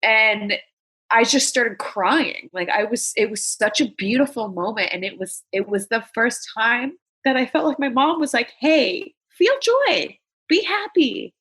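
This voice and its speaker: A woman's voice: fairly high pitch, moderate pace, pushed and bright, husky. A woman comedian from Los Angeles, telling stories as an interview guest in a blunt, candid way with plenty of swearing. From Los Angeles, USA. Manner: blunt, profane, candid storytelling. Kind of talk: casual interview chat.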